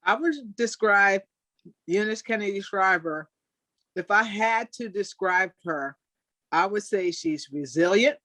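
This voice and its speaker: An older woman, a Special Olympics athlete, telling animated stories in a webinar interview over a video call. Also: on the low side, no room sound. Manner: animated storyteller, acts out quoted people. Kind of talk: storytelling in an interview.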